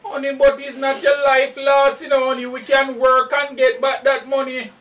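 A man's voice: very high-pitched, monotone, normal speed, a bit bright, lo-fi sound. An actor playing a patient husband who coaxes his upset wife in a Jamaican movie, speaking with a Jamaican accent. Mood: coaxing. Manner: coaxing, patient, calls her honey. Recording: distant mic with faint hiss.

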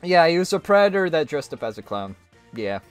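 Lively joking male streamer. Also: on the high side, brisk, smooth. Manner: joking, laughs often, mock British voice. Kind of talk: casual chat over a party game. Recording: faint music behind.

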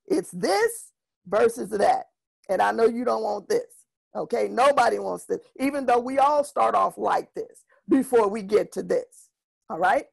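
A middle-aged woman, a vocal music educator, giving a workshop talk and telling anecdotes in an animated way, acting out the voices of students and parents. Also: fairly high pitch, measured pace, gravelly, husky, dry recording.

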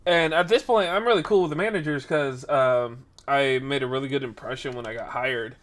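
A man hosting a podcast, telling a rambling story in a casual, animated way, correcting himself as he goes and acting out the people in it. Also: brisk. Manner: animated, acts out the people in his story with jumps in pitch and volume. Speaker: podcast host.

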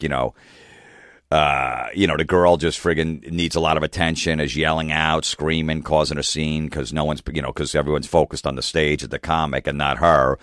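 A man's voice: a bass voice, a bit bright, no echo, clean studio sound. A middle-aged man hosting a podcast, ranting and swearing about couples he sees at his stand-up shows. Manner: profane, ranting, acts out hecklers in mocking voices. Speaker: comedian and podcast host. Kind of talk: casual podcast monologue.

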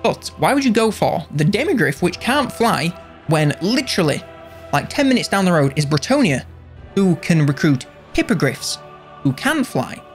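A man's voice: sits high, very animated, normal speed, faint music behind. A man giving casual, jokey video game commentary, rambling and correcting himself along the way.

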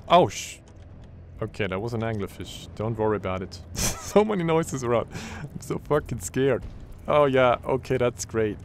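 Excitable, swearing game commentator. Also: male voice, fairly low pitch, slight background noise. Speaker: gaming channel host. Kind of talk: horror game let's play commentary.

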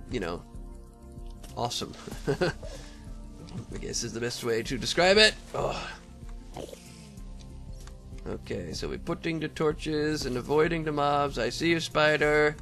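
A man's voice: mid-range voice, a bit bright. Rambling man narrating his gameplay. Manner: rambling, talks to mobs, frequent laughs and throat clearing. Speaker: Let's Play gamer. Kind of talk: casual gameplay commentary.

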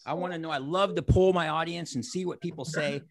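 An animated man in his sixties talks to a group over a video call. His voice sits a touch high with a gravelly edge. The sound is close and dry, with no room around it. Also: brisk, dry recording. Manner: animated, acts out quoted exchanges. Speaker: motivational speaker. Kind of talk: energetic motivational talk.

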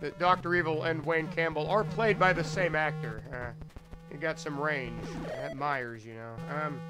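A man's voice: fairly high pitch, steady tone, over music, low-quality recording. A man streaming himself playing old console games, making running jokes and talking to his chat. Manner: joking, talks to chat, quick asides. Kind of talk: casual gameplay commentary.

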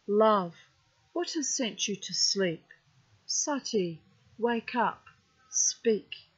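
A woman's voice: mid-range voice, lively intonation, very slow, slightly rough, full character voice. A woman voicing a tender, grieving male god. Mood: tender pleading. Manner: gentle, tender pleading. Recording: dull lo-fi recording.

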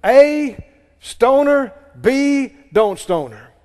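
A man's voice: very high voice, big pitch swings, drawn-out words, darkish tone. A man preaching a sermon emphatically and leading his congregation in call-and-response. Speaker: pastor. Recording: long reverb of a large hall.

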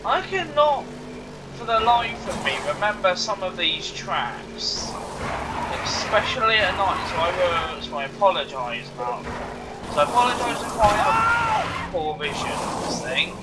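A man narrating his racing game, repeating himself and tripping over words, with an occasional cough. His fairly high voice sounds distant from the mic, with clear noise behind it. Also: wildly swooping pitch, a little slow. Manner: rambling, stammers and repeats. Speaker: gaming channel host. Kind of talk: let's play commentary.

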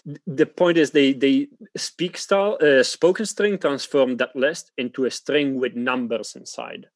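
A software developer in a working meeting, patiently explaining technical points and readily agreeing. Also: male voice, mid-range voice, unhurried, dry recording.

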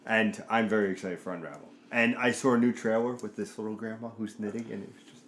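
A man co-hosting a casual gaming chat, excitable and casually swearing as he talks about games he is playing. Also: fairly low pitch, fast talker, a little hiss or hum. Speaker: co-host.

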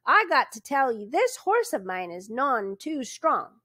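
A woman's voice: sits high, sing-song, unhurried, no echo, clean studio sound, full character voice. Woman doing a folksy grumbling rural constable. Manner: folksy drawl, loud and suspicious. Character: chatty grumbling rural male constable, middle-aged.

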